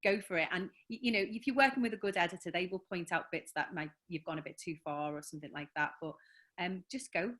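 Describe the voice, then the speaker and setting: A woman from Liverpool, England, with a Scouse accent, chats enthusiastically as a guest author on a video call in a casual interview, using lots of fillers. Her voice is on the low side, a bit bright, and quick.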